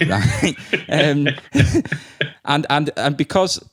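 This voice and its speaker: A man's voice: a little high, animated, takes it slowly, a bit bright. A young man hosting a podcast, chatting casually and laughing as he tells stories about working with kids. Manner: laughs often, acts out kids' voices. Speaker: podcast host and school staff member. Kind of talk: casual chat, telling anecdotes.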